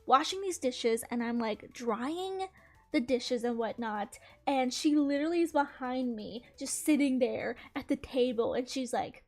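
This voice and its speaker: A young woman with a high, light voice tells a story in casual, chatty fashion. She sounds exasperated and animated and laughs often as she recounts things. Faint music plays softly behind her. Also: unhurried. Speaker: gaming channel host.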